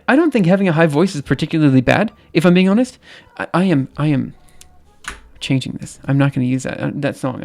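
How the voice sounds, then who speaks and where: A man's voice: on the high side, creaky. A young man with a light, somewhat androgynous voice, hosting a live stream in casual chat that rambles, with many ums and restarts, and laughing easily. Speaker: livestream host.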